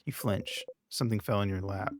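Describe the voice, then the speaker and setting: Low-voiced man reading game text. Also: brisk, a little hiss or hum. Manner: reads game text aloud between short casual remarks. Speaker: streamer. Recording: game music behind.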